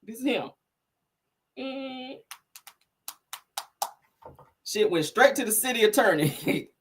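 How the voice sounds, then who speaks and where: A woman hosting a casual gossip commentary, telling stories in an animated, slangy, laughing way. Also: fairly high pitch, takes it slowly, a little hiss or hum. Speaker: commentary channel host.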